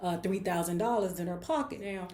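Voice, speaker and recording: A woman's voice: fairly low pitch, a little fast, warm tone. A woman in her forties, hosting a book club, retells a novel in casual talk with sassy, blunt, profane asides. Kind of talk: casual story recap. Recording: roomy echo.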